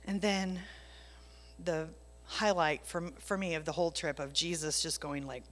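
A woman's voice: deep voice, steady tone, measured pace, fairly bright tone. A woman sharing a casual faith testimony, telling it with animation and dropping into whispers for emphasis. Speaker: Christian speaker sharing a testimony. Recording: long reverb.

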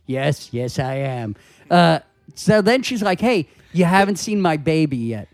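A man guest on a comedy podcast telling a story casually, animated and profane, acting out the voices of the people in it. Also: high-pitched, normal speed. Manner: animated, profane, acts out dialogue.

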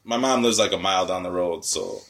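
Bright-voiced, wry male podcast co-host. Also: sits low, fairly quick. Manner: wry, exasperated storytelling. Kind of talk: casual chat.

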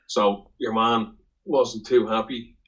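A man's voice: fairly low pitch, fairly even intonation, takes it slowly, low-quality recording. An Irish man, a guest on a podcast, telling a rambling, salty anecdote in casual chat. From Ireland. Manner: rambling, salty storyteller who swears.

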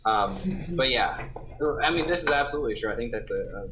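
A man chats on a podcast in an easygoing, meandering way, breaking off and restarting his sentences. His voice sits at an ordinary middle pitch. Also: expressive, a little fast, background noise. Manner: rambling, self-interrupting storyteller. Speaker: podcast co-host. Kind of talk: casual chat.

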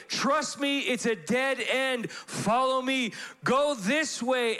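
A pastor preaching a sermon in church, animated, acting out voices in his stories. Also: fairly high pitch.

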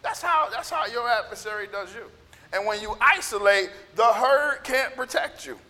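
A man preaching a sermon as pastor, with a scratchy, gravelly voice and impassioned bursts of shouting. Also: extremely high pitch, animated, moderate pace. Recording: echoey hall reverb.

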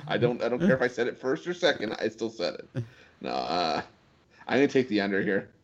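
A man's voice: mid-range voice, big pitch swings, a little fast. A man co-hosting a casual sports betting chat, arguing for his picks. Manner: argumentative, defends his picks. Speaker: co-host. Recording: dull lo-fi sound.

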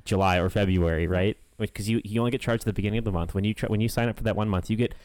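A man's voice: lowish voice, fairly even intonation, very fast, darkish tone, no room sound. A man co-hosting a podcast in casual chat, goofy and self-mocking. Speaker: podcast co-host.

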